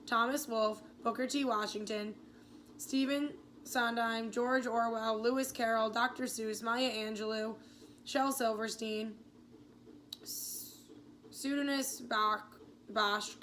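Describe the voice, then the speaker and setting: A woman teacher reading chapters of a novel aloud, telling the story clearly with small slips. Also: on the high side, a bit bright, slight background noise.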